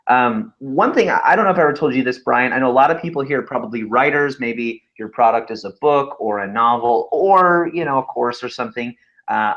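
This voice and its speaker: A man in his thirties talks on a video call webinar, telling stories in an animated way and laughing often. His sound is a bit dull and lo-fi. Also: medium pitch. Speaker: webinar co-host, author. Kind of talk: casual webinar chat.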